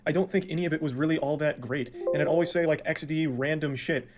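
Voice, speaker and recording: A man's voice: a little high, fast talker, over music. A man in a played video talking frankly and self-critically about his past content. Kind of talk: candid talk to camera.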